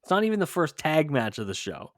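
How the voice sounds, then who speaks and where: A man's voice: on the high side, sing-song, dry recording, studio quality. A man co-hosting a podcast in casual chat, quizzing his partner and reeling off lists of names. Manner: quizzing, listing names quickly. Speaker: podcast co-host.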